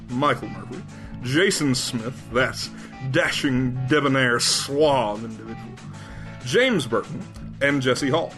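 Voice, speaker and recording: A man's voice: medium pitch, slow pace, a bit bright, soft background music. A man hosting a comedy audio show, reading the credits in a theatrical, over-articulated mock-formal way. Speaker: podcast host.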